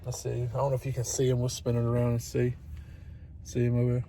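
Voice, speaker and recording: Chatty trucker ranting. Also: male voice, medium pitch, completely flat delivery, fast talker, dark tone, slight background noise. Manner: exasperated, chatty, laughs often. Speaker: truck driver vlogger. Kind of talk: casual vlog rant. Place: truck cab and loading dock. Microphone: phone camera.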